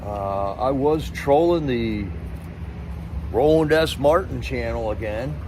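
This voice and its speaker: A man hosts a live stream and talks loosely with many restarts. His asides are sarcastic, and his voice sits at an ordinary middle pitch. A faint hum of noise runs underneath. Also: takes it slowly. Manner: rambling, sarcastic, with frequent restarts. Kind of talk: casual rambling chat.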